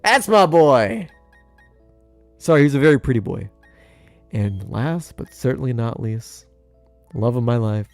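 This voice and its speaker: Young guy chatting to his game team, super lively pitch, dry close sound, faint music. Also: a little slow, creaky, pauses often, no room sound. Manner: animated, jokey, talks to his game characters, big pitch jumps. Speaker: gaming YouTuber. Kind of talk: playthrough commentary.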